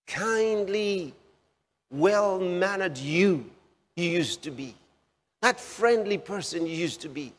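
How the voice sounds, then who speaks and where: Preaching in a fairly high voice, a man addresses questions directly to his audience and hammers home key phrases through repetition. His words ring out with a long reverb tail.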